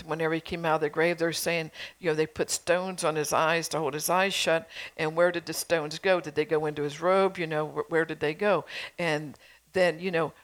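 A middle-aged woman preaches a sermon in a somewhat low voice. She presses her congregation with earnest exhortations and rhetorical questions, like a pastor urging her flock.

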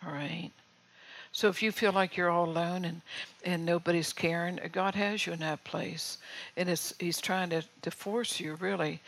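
Older woman preacher, gravelly and fairly flat in delivery, talks to the congregation conversationally and keeps checking in. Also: fairly low pitch, rough recording. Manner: conversational, often checks in with the listeners. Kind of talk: sermon.

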